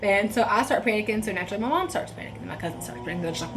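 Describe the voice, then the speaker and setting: A young woman vlogger telling a personal story in a casual, animated way, swearing freely. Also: mid-range voice, rapid-fire, music in the background. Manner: animated, profane, laughing asides.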